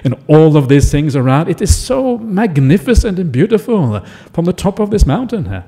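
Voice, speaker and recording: A man's voice: on the high side, huge pitch swings, unhurried, mellow, husky, heavily acted. A man voicing an eager friend marveling at the view from a hilltop, within a dharma talk. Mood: excited. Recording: echoey hall.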